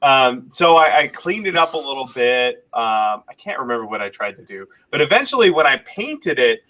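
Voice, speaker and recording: A man's voice: mid-range voice, sing-song, normal speed, sharp tone. A man co-hosting a live stream, reading questions and telling a chatty story with chuckles.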